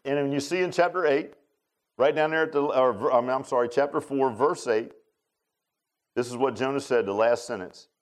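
A man preaching a sermon, folksy and animated, swinging from loud emphatic lines to low quiet ones. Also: moderate pace.

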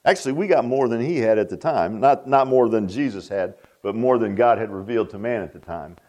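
A man's voice: fairly low pitch, brisk, hardly any pauses, a little mellow. A man preaching a sermon as pastor, folksy and emphatic, repeating himself and laughing at his own jokes.

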